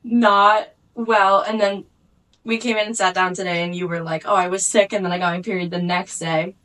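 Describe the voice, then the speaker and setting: A woman's voice: mid-range voice, normal speed, low-quality recording. A young woman co-hosting a podcast, telling stories in casual chat, laughing often and acting out what people said. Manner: animated storytelling, laughs often, acts out quotes. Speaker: podcast co-host.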